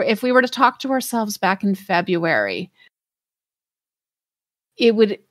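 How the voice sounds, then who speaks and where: A woman's voice: mid-range voice, fairly bright tone, dry recording, studio quality. A woman co-hosting a podcast in casual chat, talking in a thoughtful, heartfelt way and searching for her words. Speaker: podcast co-host.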